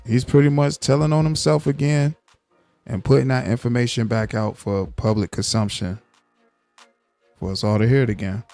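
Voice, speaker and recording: Male commentary host, low gravelly voice, dry and mocking. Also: a little mellow. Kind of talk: live-stream commentary.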